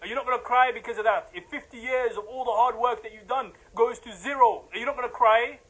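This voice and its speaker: A man delivering a fervent religious talk in a notably high voice. He hammers his points with repetition and builds into heated, emphatic bursts. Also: quick pace, a bit bright, breathy edge, low-quality recording. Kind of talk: impassioned religious lecture.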